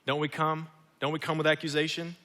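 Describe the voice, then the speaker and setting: Forceful preacher man in an echoing hall. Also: on the high side, level tone, brisk. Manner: emphatic, rhetorical questions and repetition. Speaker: pastor. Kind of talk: sermon. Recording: long hall reverb.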